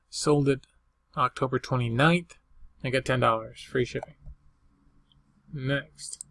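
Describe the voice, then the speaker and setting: A man's voice: medium pitch, fairly bright tone, no echo. An older man casually rambling through the items he resold, listing what he paid and what each sold for in a folksy way. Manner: rambling, folksy, lists prices and dates. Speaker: eBay reseller. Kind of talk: casual show-and-tell vlog.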